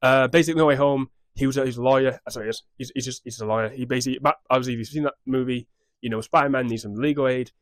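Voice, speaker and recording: A man's voice: mid-range voice, steady tone, very fast, no echo. A young man casually recapping a show on his vlog in a scattered, rambling way, swearing freely. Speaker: YouTube recap host.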